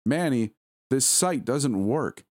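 Brief: man putting on a sharp wife's voice, pitched way up, swooping, dry close sound. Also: animated, slow pace, no room sound. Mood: exasperated. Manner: sarcastic, raised voice. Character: exasperated young wife, sharp and sarcastic.

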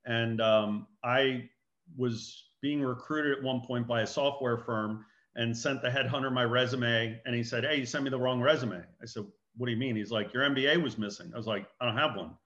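Guy talking business training, lively, plays out little conversations, kinda dull sound. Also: medium pitch, normal speed. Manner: animated, acts out dialogue and anecdotes. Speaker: guest speaker on business training. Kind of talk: energetic business talk.

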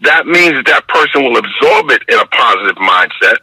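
An older man with a New York accent, talking in a measured, reflective way during an interview and often checking in with "you understand?". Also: mid-range voice, expressive, bright, forceful tone, slightly rough, dry recording, rough recording. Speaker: guest, basketball referee mentor.

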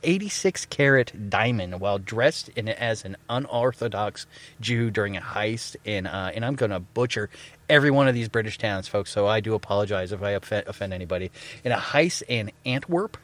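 A man from Florida co-hosting a casual movie review chat, rambling with fillers and quick laughs. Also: on the low side, lively intonation, a bit bright. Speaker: podcast co-host.

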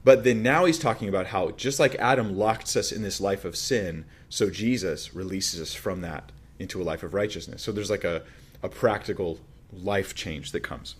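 Low-voiced man preaching a conversational sermon. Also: normal speed, slightly rough. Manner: conversational preaching with emphatic rises and restarts. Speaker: pastor.

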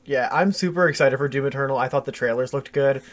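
Easygoing young man, steady mid voice. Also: medium pitch, crowd noise. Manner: measured, explanatory, hedging with fillers. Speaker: podcast co-host. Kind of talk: casual chat.

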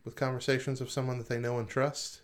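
A man co-hosting a casual podcast, reading statistics from a list with frequent pauses and adding informal comments. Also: mid-range voice, level tone. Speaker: podcast co-host.

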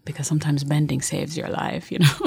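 Woman, middle-aged, low voice, husky, casual reflective storytelling, slips into a whisper. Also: fairly even intonation, a little fast. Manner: reflective, often dropping to a soft whisper.

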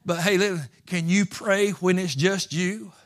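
A man preaching a sermon as pastor, folksy, swinging from quiet asides to impassioned pleading. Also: sits high, steady tone, a little slow.

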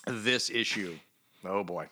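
A man co-hosting a podcast, chatting casually about comics in an animated way, with frequent stammering restarts and laughter. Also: on the low side, slow pace. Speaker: podcast co-host. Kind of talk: casual comic review chat.

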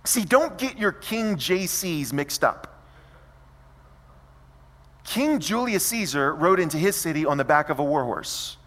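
A man preaching a sermon, telling a story with lively, vivid scene-setting. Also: fairly high pitch, unhurried, long pauses, long reverb tail. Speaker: pastor.

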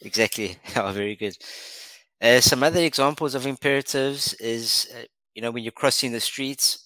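A man's voice: mid-range voice, normal speed, bright, forceful tone, no echo, rough recording. A man co-hosting an English lesson podcast, encouraging and praising often, with many uh fillers. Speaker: podcast co-host.

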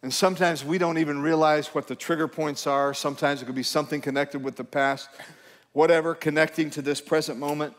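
A man's voice: a little high, fairly even intonation, fairly quick, in a large hall. A male pastor, preaching in a conversational, emphatic way to his congregation. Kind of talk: sermon. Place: church sanctuary.

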